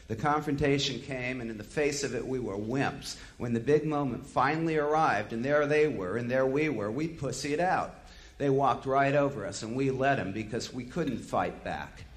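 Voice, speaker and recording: Male storyteller, mid-range voice; bitter, profane, impassioned first-person monologue. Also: medium pitch.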